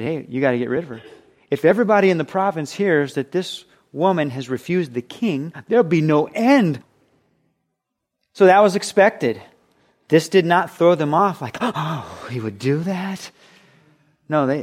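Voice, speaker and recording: A man preaching a sermon with a slightly higher-pitched voice. He talks in an animated way and acts out the voices he quotes. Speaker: pastor.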